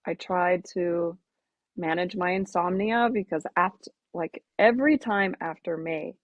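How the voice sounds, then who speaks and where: Low-voiced woman, earnest, dull lo-fi audio. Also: no room sound. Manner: earnest, reflective, halting. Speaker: podcast guest, melanoma advocate. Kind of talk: casual interview chat.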